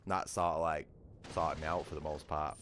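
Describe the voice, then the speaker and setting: A low-voiced British man talks loosely while he plays a game on stream. He rambles and swears freely, leaning on filler questions to the chat. A faint hum sits under his voice. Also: flat delivery, normal speed, a bit bright. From Britain. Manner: rambling, heavy swearing, frequent "you know what I mean". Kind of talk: casual livestream chat while gaming.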